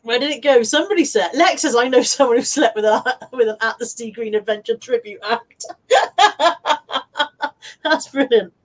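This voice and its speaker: Irish woman, middle-aged, high voice, chatty live-stream host who reads comments and laughs a lot. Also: lively intonation, normal speed. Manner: chatty, laughs often, breaks into off-key singing. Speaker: live-streaming reseller vlogger. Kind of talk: casual live stream chat, reading out comments.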